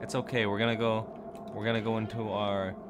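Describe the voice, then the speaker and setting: A man giving casual, jokey let's-play commentary on a horror game, reacting quickly with nervous laughter. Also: on the low side, flat delivery, noisy background. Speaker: gamer playing a horror game.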